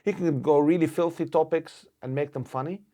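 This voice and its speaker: Guy on a podcast, acts out stories, slightly high pitch. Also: fairly quick, highs cut off. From Lebanon. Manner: animated storyteller, acts out quotes. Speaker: comedian guest. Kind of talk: casual podcast storytelling.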